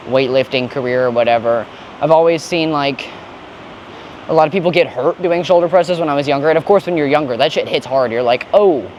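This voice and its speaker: Young man, fitness vlogger, slightly high voice, sarcastic rants, swearing slang, faint noise behind. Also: lo-fi sound. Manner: joking, ranting, profane slang. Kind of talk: casual gym vlog rant. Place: gym.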